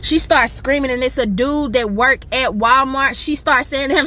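A woman's voice: on the high side, unhurried, sharp tone. A woman in her thirties telling a dramatic, sassy story in a vlog from her parked car, recorded on a phone. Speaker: family vlogger. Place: parked car in a store lot.

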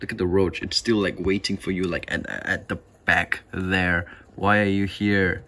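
Excitable man talking to his spiders. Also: deep voice, measured pace, few pauses. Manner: excitable, talks to his spiders, laughs and exclaims often. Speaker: tarantula keeper filming feedings. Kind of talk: casual vlog commentary.

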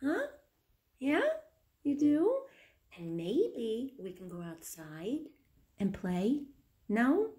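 A woman's voice: on the high side, very animated, very slow, pauses often, mellow. A woman vlogging with her small dog, talking to it in doting, sing-song baby talk full of coaxing questions. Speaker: pet vlogger.

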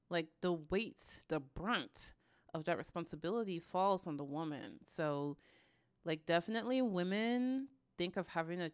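A woman hosting a reaction video, commenting in a casual, animated way with frequent sighs. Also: fairly low pitch, clean tone, dry recording, clean studio sound. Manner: animated, sighing, ranting.

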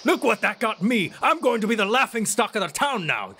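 A man voicing an angry, scornful father who shouts down his grown daughter. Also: high-pitched, big pitch swings, a little fast, slightly rough, pitched above the performer's own voice, full character voice. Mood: furious.

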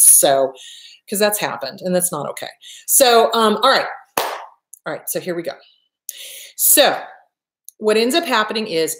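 A woman delivers advice straight to her listeners, blunt and profane, hammering each point home by repeating it. Her voice sits at a middling pitch and carries the echo of a bare room. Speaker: host, therapist giving advice. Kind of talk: casual direct-to-camera advice talk.

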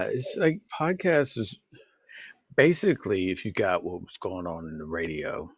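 A man's voice: low voice, husky, no room sound, lo-fi sound. A man co-hosting an unscripted podcast, rambling and repeating words as he overanalyzes ideas aloud. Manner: overanalyzes word meanings. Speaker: podcast co-host. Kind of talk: unscripted casual chat.

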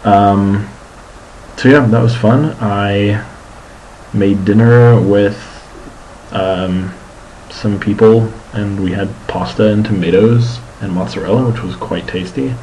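A man's voice: lowish voice, steady tone, slow pace, warm tone, a little hiss or hum, low-quality recording. A young man rambling through a casual video diary about his day as a student, full of ums and restarts. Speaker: student vlogger.

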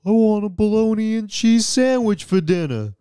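A man's voice: high-pitched, animated, normal speed, dark tone, clear, resonant tone, no room sound, clean studio sound, voice pushed up. A man voicing a drunk, demanding middle-aged husband with a slurred, bossy delivery.

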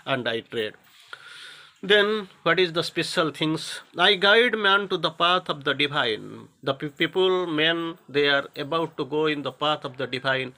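A man of middling pitch with a bright, sharp tone teaches a devotional poem line by line. He lifts his voice to declaim each verse, then drops back to paraphrase it in halting phrases full of restarts. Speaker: spiritual teacher.

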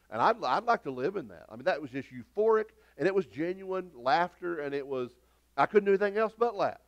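A middle-aged man preaches to his congregation, his voice pitched a little high. He talks in a folksy, rambling way, circling back and restarting his sentences as he tells his stories. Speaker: pastor. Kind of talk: sermon. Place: church sanctuary.

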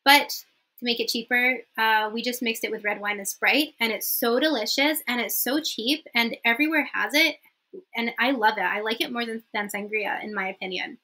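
A woman's voice: on the high side, normal speed, sharp tone. A young woman teaching in a casual vlog lesson, chatty and friendly, often checking in with "okay?" as she explains. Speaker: language teacher.

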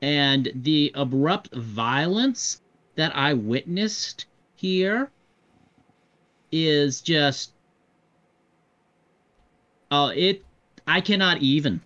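A man voicing a stressed, flaky woman who fusses over auras, speaking slowly and dramatically. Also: on the high side, lively intonation, a bit bright, highs cut off, heavily acted. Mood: overwhelmed.

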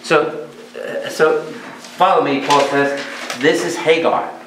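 A man who is a priest teaching a Bible study. He talks in a lively way and keeps asking his audience questions. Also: fairly high pitch, slow. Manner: animated, asks the audience many questions. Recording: echoey hall with faint noise.

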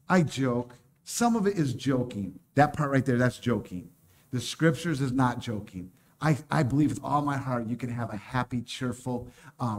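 A man preaching a casual sermon, joking and laughing often as he talks. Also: medium pitch.

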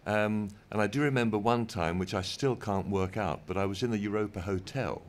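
An older man with an English accent, a former television director telling stories from his career in an interview, unhurried with dry humour. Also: on the low side. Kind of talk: anecdotal interview talk. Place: event stage in front of an audience.

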